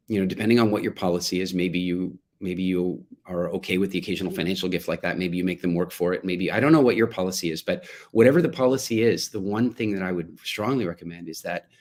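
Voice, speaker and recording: A middle-aged man speaking to parents, telling a family story and acting out the quotes. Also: low-pitched. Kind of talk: talk to parents.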